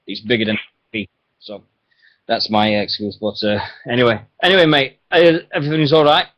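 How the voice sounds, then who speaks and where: A man hosts a wrestling radio show, his mid-range voice moving a little fast as he rambles, laughs often and tells stories with animation. It's casual, chatty radio talk, and the internet radio audio sounds dull and lo-fi.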